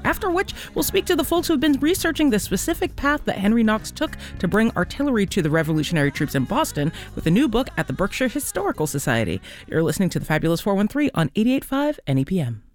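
A man's voice: sits high, sing-song, fast, hardly any pauses, faint music behind. A man hosting a public radio show, introducing segments and asking questions in a conversational way.

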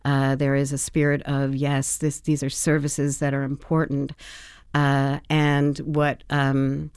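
A woman, executive director of a language school, answering questions in a radio interview, speaking warmly with many fillers and pauses. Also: very deep voice, completely flat delivery, clean tone, dry recording, clean studio sound. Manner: warm, hesitant with many fillers.

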